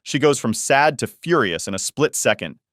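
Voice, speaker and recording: A man's voice: mid-range voice, lively intonation, moderate pace, a bit bright, dry recording, studio quality. A man narrating a first-person family drama story in an exasperated, matter-of-fact way.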